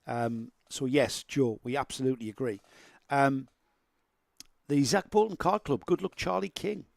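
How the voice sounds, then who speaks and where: A man's voice: mid-range voice, a little slow, creaky, dry recording. A man commentating live on karting, chatting with his co-commentator and greeting viewers.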